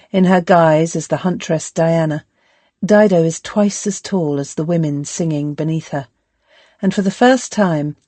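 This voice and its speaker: Female audiobook narrator, lowish and measured, dry close read. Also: mellow, no room sound. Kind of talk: scripted narration.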